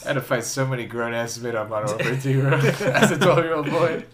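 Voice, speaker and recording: A man's voice: medium pitch, fairly quick, a loud crowd. Laughing man in a roomy space. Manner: crude, laughing, rambling storytelling. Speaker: podcast co-host. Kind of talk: casual chat.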